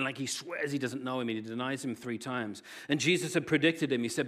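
A male pastor in mid-sermon, his voice at a middle pitch. He tells the story with lively energy, rising into loud, excited bursts and sinking to soft, hushed lines. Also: quick pace, few pauses. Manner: animated storytelling with wide swings in loudness.

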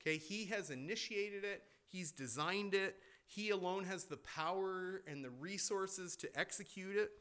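A pastor preaching a sermon in a church, emphatic and deliberate, with rhetorical questions. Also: male voice, high voice, a bit bright, smooth.

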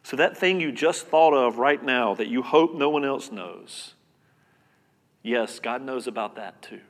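A man preaching a sermon as pastor, earnest and conversational, repeating words and swinging between loud and soft. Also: medium pitch, unhurried. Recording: long reverb of a hall.

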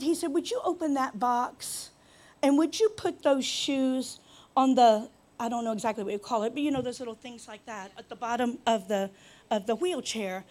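A woman's voice: fairly high pitch, moderate pace, a little mellow. A woman preaching a sermon, telling a healing story with teasing asides and growing fervor.

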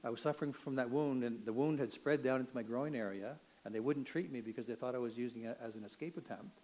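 An older man from Canada shares his personal testimony in a mid-pitched voice. He talks earnestly and with feeling. At the dramatic moments his voice climbs until he is nearly shouting. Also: quick pace, slight background noise, low-quality recording. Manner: earnest, emotional storytelling, rising to near shouts at dramatic moments. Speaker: testimony speaker.

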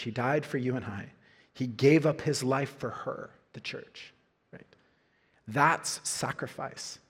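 A man's voice: medium pitch, creaky, breathy edge. A man preaching a sermon as a pastor, earnest, often checking in with "right?" as he reads scripture aloud.

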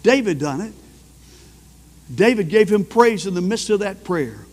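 A man preaching a sermon as pastor, fervent and at times rising to loud praise. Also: high voice, animated, unhurried, long reverb tail.

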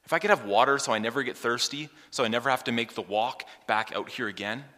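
A proud Samaritan woman at the well, as a preacher puts her on in his own voice, pushing back with one incredulous question after another. The tone is bright and edgy. Long reverb hangs behind every line. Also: medium pitch, quick pace, natural voice. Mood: eager.

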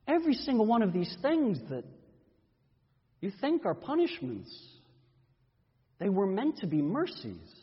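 A gentle, patient God speaks quietly, as a man preaching puts him on. The voice lilts with lively melody over a high-set register. It rings with a long hall echo on a muffled, dull recording. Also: husky, full character voice. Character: God, a patient calm male deity. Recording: dull reverberant church recording.

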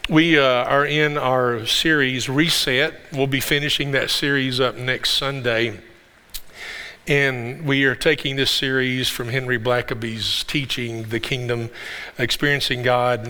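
Male pastor, sermon, bright forceful voice, conversational storytelling, repeats words, long church reverb. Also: mid-range voice, steady tone, unhurried. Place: church sanctuary.

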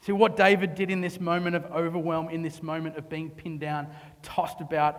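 A man preaching a sermon, dramatic, dropping to hushed tones and rising to impassioned cries. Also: a little high, level tone, brisk. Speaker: pastor. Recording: long reverb of a large hall.

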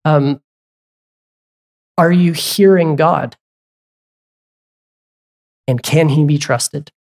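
A pastor preaching a sermon in a conversational way, asking the congregation question after question and breaking off for asides and quick corrections. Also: medium pitch, steady tone, vocal fry, darkish tone. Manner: asks the congregation repeated questions.

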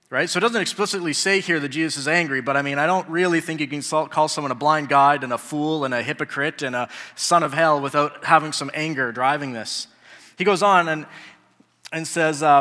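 A man's voice: fairly high pitch, a little fast, sharp tone, in a large hall. A man preaching a sermon in a conversational way, asking the congregation rhetorical questions. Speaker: pastor.

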